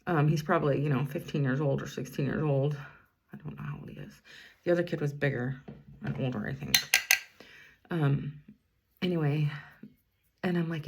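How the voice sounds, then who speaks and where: A fifties-aged school bus driver does her makeup and chats, drifting through a story and veering off to talk eyeliner. Her voice sits low with vocal fry, moving at normal speed with long pauses, over very noisy audio.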